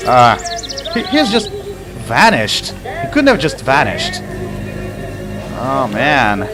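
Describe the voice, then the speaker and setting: Man, non-native English, slow lively gameplay commentary, game music underneath. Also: mid-range voice. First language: not English. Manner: chatty, laughs at the game, drawn-out pauses. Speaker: let's play commentator.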